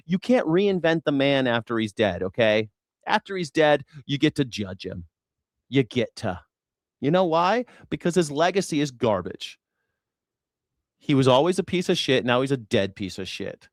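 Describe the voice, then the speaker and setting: A man tears into his audience in a heated livestream rant, looping the same jabs and swearing freely. His voice sits a touch high and the sound is dry, with no room around it. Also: lively intonation, moderate pace, no room sound. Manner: profane, repetitive, shouting tirades. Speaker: livestream host.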